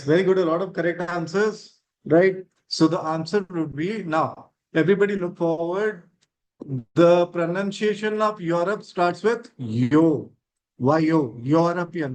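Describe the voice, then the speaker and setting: Slow-talking teacher. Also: male voice, high voice, rough recording. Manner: encouraging, repeats praise and "right?" checks. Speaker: online English teacher. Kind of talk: live online grammar class.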